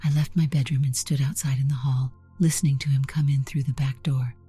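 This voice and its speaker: A woman narrates a first-person story in a soft, breathy, half-whispered voice. Her tone is remarkably deep and dark, with a husky edge. Gentle music plays faintly behind her. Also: steady tone, fairly quick. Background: soft background music.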